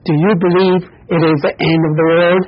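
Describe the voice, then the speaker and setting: A man telling of a boastful magic monkey, husky. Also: high-pitched, level tone, normal speed. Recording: dull lo-fi recording.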